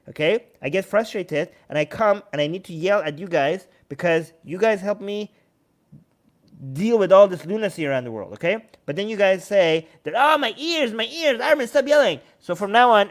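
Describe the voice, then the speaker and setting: Man, high-pitched, sarcastic, heated commentary, yells in bursts, handheld mic. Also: brisk. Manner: sarcastic, loud, yelling in bursts. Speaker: livestream host. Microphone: handheld microphone.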